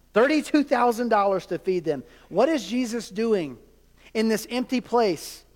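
A man's voice: sits high, animated, slow. A man preaching a sermon as a pastor, conversational with jokes and asides to the congregation. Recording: long hall reverb.

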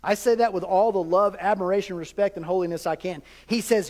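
A man's voice: high-pitched, steady tone, fairly quick, darkish tone. A man preaching a sermon as a pastor, conversational with jokes and asides to the congregation. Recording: long hall reverb.

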